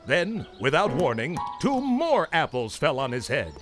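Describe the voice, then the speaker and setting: A man narrating a children's storybook in an animated, expressive way. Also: a little high, unhurried. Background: music.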